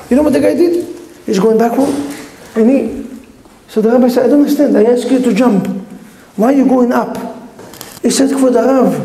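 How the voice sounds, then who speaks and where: A man, a rabbi, preaching a sermon through parables and acting out the characters' lines with lively changes of voice. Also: very high-pitched, roomy sound, poor audio.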